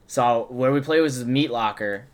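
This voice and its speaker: A man's voice: mid-range voice, a little slow. A young man telling a rowdy story in a casual chat, swearing often and acting out his friends' lines. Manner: swears constantly, animated when quoting friends.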